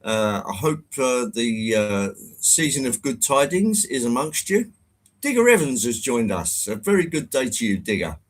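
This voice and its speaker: A man's voice: mid-range voice, big pitch swings, moderate pace. A man hosting a live stream in a genial, rambling way, greeting viewers one by one. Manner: genial, rambling, chatty with fillers.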